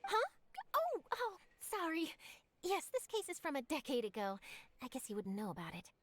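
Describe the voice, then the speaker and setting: A woman's voice: high voice, wildly swooping pitch, moderate pace, a little hiss or hum. A woman voicing a bubbly, self-assured young female journalist in a game, chatty and dramatic. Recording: game audio with faint music.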